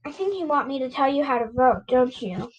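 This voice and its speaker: A woman voicing a kind, calm mother in a storybook reading, giving patient advice. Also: sits high, fairly quick, husky, dull audio. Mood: advising.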